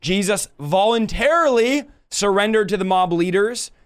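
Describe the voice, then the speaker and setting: A man hosting a revival podcast, teaching through a Bible book in a casual, energetic and playful way. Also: high voice, normal speed, clean tone.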